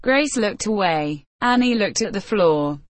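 A woman reading a story aloud as narrator, telling it slowly and evenly, with light voices for the characters. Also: medium pitch, no room sound. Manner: slow, even storytelling with small character voices. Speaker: audiobook narrator. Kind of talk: scripted narration.

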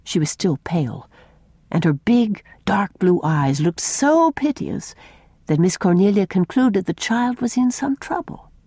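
A woman's voice: medium pitch, a little slow, breathy edge, no room sound. A woman narrating a classic children's novel as an audiobook, reading expressively with a close microphone. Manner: expressive, shifting tone with the story. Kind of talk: scripted storybook narration.

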